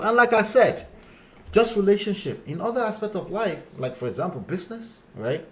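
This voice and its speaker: A man's voice: high voice, animated, moderate pace. A man with a Nigerian accent, a relationship coach hosting a casual live stream, reading viewer comments and addressing his audience bluntly. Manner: blunt, conversational, calls out viewers and 'gentlemen' directly.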